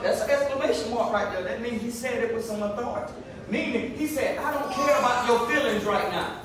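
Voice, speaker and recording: A man preaching a sermon to his congregation, emphatic and animated. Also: very high voice. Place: church. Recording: echoey room from far off, faint noise.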